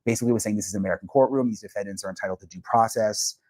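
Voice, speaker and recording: Guy reporter going over a trial, low voice, lots of ums, dry close sound. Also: racing, darkish tone, no room sound. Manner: somber, with many fillers. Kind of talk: recounting court testimony.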